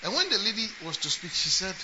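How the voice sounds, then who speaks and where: A bishop and preacher delivers a sermon in a strikingly high voice, talking fast and moving from conversational storytelling to forceful, shouted emphasis as he acts out quotes. The lo-fi recording sounds muffled, with a steady wash of background noise.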